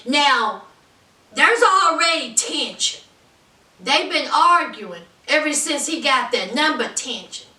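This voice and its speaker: Animated gossipy woman, high voice. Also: takes it slowly, roomy sound, far from the mic. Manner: animated, gossipy, acts out quotes. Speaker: reality TV reviewer. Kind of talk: casual recap commentary.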